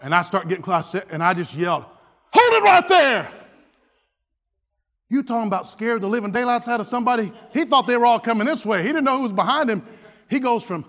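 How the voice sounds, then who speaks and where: A man's voice: sits high, animated, fast, a bit bright. A man preaching a sermon, telling a funny story with many restarts. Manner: humorous storytelling with frequent restarts. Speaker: pastor. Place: church sanctuary. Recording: church hall reverb.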